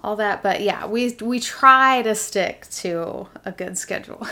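A woman's voice: mid-range voice, unhurried, sharp tone. Giggly woman chatting playfully. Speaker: podcast co-host. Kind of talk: casual chat.

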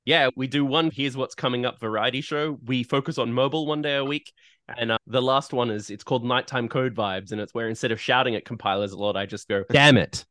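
A man's voice: mid-range voice, fairly even intonation, fairly quick, a bit bright, dry recording, studio quality. A man from Australia with an Australian accent, a guest on a podcast panel, talking in a playful, wry way. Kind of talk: casual panel chat.

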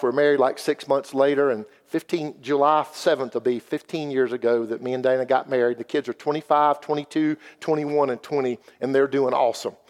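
Folksy man giving testimony. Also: mid-range voice. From South Carolina. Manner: folksy, earnest storytelling. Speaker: guest speaker at a church. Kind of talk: personal testimony. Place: church sanctuary. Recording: long hall reverb.

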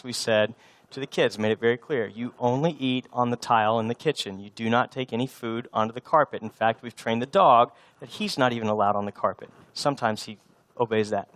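Male pastor, thirties, mid-pitched and dry-miked, a storytelling preacher who is slightly stuffy from a cold. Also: a bit bright, dry recording. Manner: storytelling with humor, frequent restarts. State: slightly congested from a sinus infection. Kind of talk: sermon. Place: church sanctuary.

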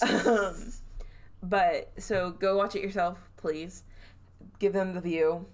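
A woman with a Southern US accent hosts a casual podcast and tells a spooky story. Her voice sits fairly low, and she keeps it chatty and animated, acting out each quote as it comes. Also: slow pace. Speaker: podcast host.

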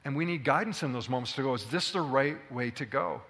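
Guy preaching in church, bright forceful voice, big hall echo, keeps asking the crowd stuff. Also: medium pitch, fast talker. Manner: animated, addresses the congregation with questions. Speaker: pastor. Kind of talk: sermon. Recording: hall reverb.

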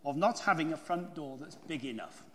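A bumbling, greedy storybook bear played by a man, pitched up high and loud when he gets excited. The voice rings through a large echoey hall, full of lively swoops. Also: normal speed, lightly acted. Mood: cross. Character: plump greedy male bear, bumbling and easily flustered. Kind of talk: storybook reading in a sermon.

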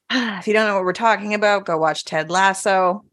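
A woman's voice: mid-range voice, normal speed, a bit bright, no echo, studio quality. A woman co-hosting a podcast in casual chat, playful and giggly with bawdy jokes. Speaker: podcast co-host.

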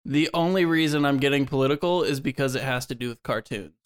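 A man's voice: medium pitch, fast talker. A man co-hosting a casual podcast, running a quiz game in a playful, joking way and laughing often.

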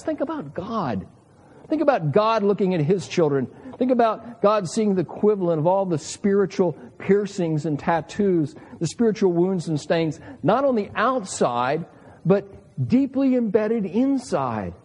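A man's voice: fairly high pitch, big pitch swings, moderate pace, mellow, husky. A man in his sixties preaching a sermon to fathers, earnest and emphatic, telling stories and asking rhetorical questions. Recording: long hall reverb.

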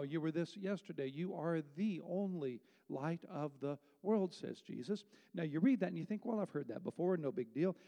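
A man's voice: a little high, warm tone. A man preaching a sermon as pastor, emphatic and rhetorical, reading scripture aloud. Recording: long hall reverb.

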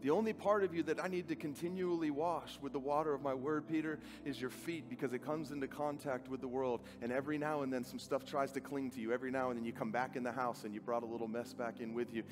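A man preaching a sermon with an earnest, dramatic delivery, acting out quoted dialogue and dropping to a soft, quiet voice. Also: mid-range voice, steady tone, fast talker, few pauses. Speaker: pastor. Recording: faint music behind.

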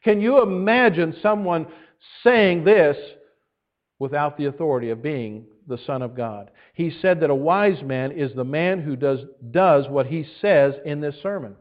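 A man with a high voice preaches a sermon. He is earnest and leans hard on key words with deliberate pauses. The recording sounds dull and lo-fi, like an old church tape. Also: animated. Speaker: pastor.

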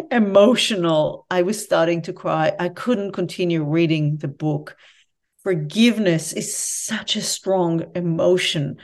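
A woman's voice: fairly low pitch, a little slow, a little mellow. A woman guest, a professor and author, talking earnestly and reflectively in an interview. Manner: earnest, reflective, speaks candidly about personal pain. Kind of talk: conversational interview storytelling.

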